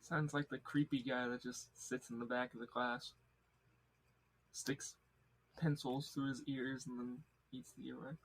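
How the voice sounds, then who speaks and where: A teenage boy chatting with a friend, jokey and quick to laugh. He now and then bursts in loudly to make a point, while his pitch stays ordinary for a young man. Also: level tone, a little hiss or hum, rough recording. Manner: joking, quick to laugh, loud outbursts. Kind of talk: casual chat.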